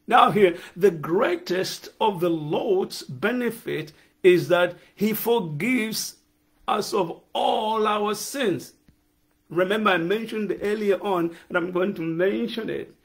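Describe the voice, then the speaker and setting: A male pastor preaching a sermon, emphatic, repeating key phrases and putting questions to the listeners. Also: high-pitched.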